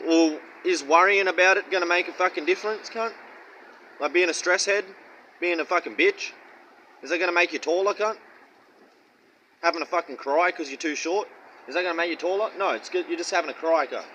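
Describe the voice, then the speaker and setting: A man's voice: high voice, a little fast, sharp tone, a little hiss or hum, poor audio. A man giving casual Bible teaching in a blunt, profane, mocking way and rambling slang. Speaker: street-style preacher.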